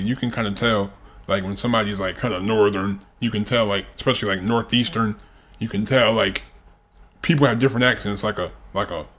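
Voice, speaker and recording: A man's voice: fairly low pitch, fairly bright tone. A young American man hosting a reaction video, rambling casually with lots of fillers. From United States. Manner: rambling, heavy on fillers, laughs often.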